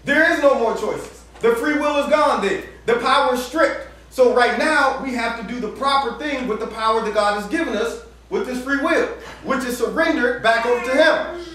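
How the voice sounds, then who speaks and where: Casual, slangy male preacher with a very high voice, recorded from afar in a big echoey room. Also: normal speed, fairly bright tone, distant mic. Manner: casual slang-filled preaching, acts out dialogue, laughs often. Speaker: campus minister preaching. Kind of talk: sermon.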